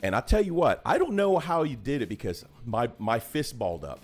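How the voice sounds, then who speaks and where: With faint music in the background, a man runs a laid-back hobby livestream chat over a video call. He speaks fairly quickly, rambling in a chatty way with lively ups and downs in pitch.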